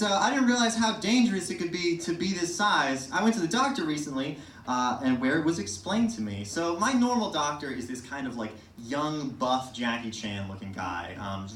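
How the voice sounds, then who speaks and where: A man doing self-mocking stand-up storytelling at an open mic, animated, swearing casually and breaking into laughter. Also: on the high side, a little hiss or hum. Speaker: stand-up comedian. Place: comedy open mic venue. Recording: roomy, distant mic in a live venue.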